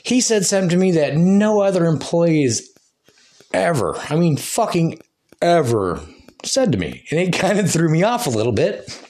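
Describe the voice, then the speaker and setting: A man's voice: a little high, big pitch swings, normal speed, a little mellow. A man hosting a loose solo podcast, talking in a rambling, profane way and laughing between thoughts. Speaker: podcast host.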